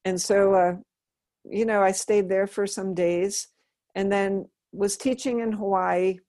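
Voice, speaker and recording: A woman's voice: medium pitch, steady tone, measured pace, mellow, no echo, studio quality. A middle-aged woman telling her life story in an interview, earnest and thoughtful, often restarting her sentences. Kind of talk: reflective personal storytelling.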